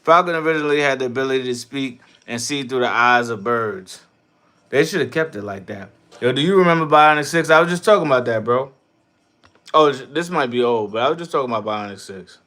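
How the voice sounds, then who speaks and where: A man hosting a casual livestream, reading chat and riffing loudly with profane jokes, from New York. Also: medium pitch, animated, brisk. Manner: loud, profane, laughing riffs.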